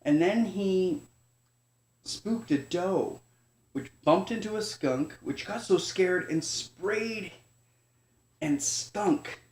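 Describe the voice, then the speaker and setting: A father gently reading a bedtime story to his young son, speaking informally and stumbling and correcting himself now and then. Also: high-pitched, very slow, long pauses. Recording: echoey room.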